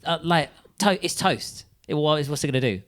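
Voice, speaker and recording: A woman comedian on a casual chat, ranting in a mock-indignant, deadpan way. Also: deep voice, fairly quick. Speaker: comedian guest.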